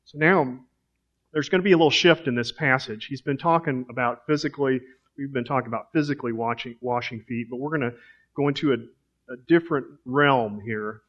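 A man's voice: medium pitch, fairly quick, fairly bright tone, highs cut off. A man preaching a sermon in a conversational way, asking rhetorical questions.

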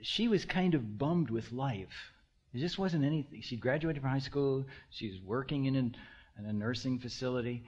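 A man preaching a sermon, swinging between hushed near-whispers and loud, impassioned passages, drawing out key words slowly. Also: medium pitch, husky, highs cut off. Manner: slow, drawn-out emphasis on key words. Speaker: pastor.

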